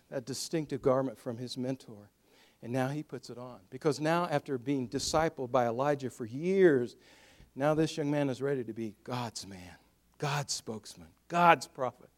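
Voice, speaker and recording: A male pastor preaching a sermon in a storytelling way, swinging from loud to hushed. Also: on the high side.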